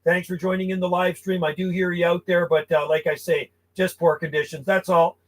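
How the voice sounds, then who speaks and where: A man from Canada chatting and calling stations live from his home radio room as a ham radio operator, friendly and relaxed. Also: high voice, fairly quick, low-quality recording.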